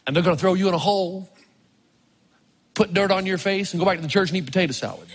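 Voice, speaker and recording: A male pastor preaching a storytelling sermon, animated, swinging from low murmurs to loud exclamations, with a husky voice. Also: fast. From Tennessee. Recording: long reverb of a large hall.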